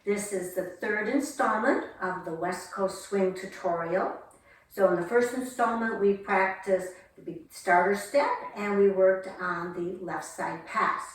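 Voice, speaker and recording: A woman's voice: medium pitch, measured pace. A woman teaching a beginner dance class, explaining steps and counting them out in a sing-song rhythm. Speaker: dance instructor. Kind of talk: instructional dance tutorial. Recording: echoey room from far off, faint noise.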